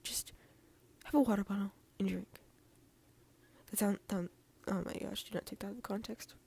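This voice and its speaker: A woman reading fan fiction aloud as a podcast host, soft-spoken and often sliding into a near-whisper, with gushy, affectionate asides to her listeners. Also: medium pitch, fairly even intonation, normal speed, creaky, breathy edge.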